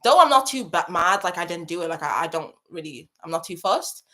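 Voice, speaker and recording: Her fairly low, fairly bright voice moves with lively intonation at a fairly quick clip. She's a young woman hosting a casual advice chat, reading viewer messages chattily and emphatically and repeating phrases for stress.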